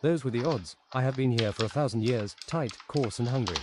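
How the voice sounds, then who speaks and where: A man's voice: mid-range voice, brisk, noisy background, natural voice. Man reading as a weary ancient angel.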